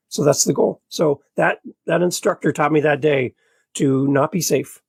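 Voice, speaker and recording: A middle-aged man, a podcast guest, telling a personal story in an animated, earnest, motivational way. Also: a little high, normal speed, vocal fry, slightly rough, no echo. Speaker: podcast guest and show host. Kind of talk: conversational storytelling.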